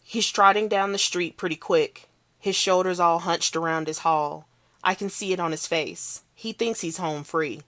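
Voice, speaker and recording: A woman's voice: lowish voice, moderate pace, fairly bright tone, dry recording. A woman reading aloud as a big, tough-talking man telling his story in a brash, swaggering first person. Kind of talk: read-aloud novel.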